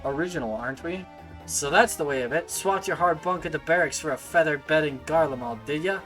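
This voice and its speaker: A man's voice: a little high, fairly quick, fairly bright tone, soft background music, lightly acted. A man reading aloud as a blunt male soldier from a game, in a dry, scornful drawl.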